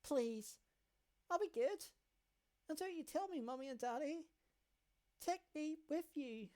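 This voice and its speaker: A woman's voice: expressive, a little slow, mellow. A woman doing a feverish little girl, pleading. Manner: high, tearful and begging. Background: faint game music.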